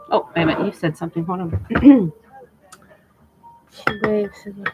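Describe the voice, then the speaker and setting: A woman's voice: medium pitch, slow pace, background noise. A middle-aged woman chatting casually and emotionally on a live stream to her viewers, laughing often.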